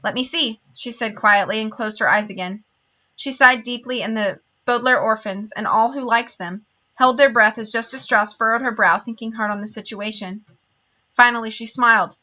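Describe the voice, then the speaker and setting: A woman's voice: on the high side, fairly even intonation, moderate pace, pushed and bright. A woman reading a novel aloud with wry, dramatic storytelling. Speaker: reader.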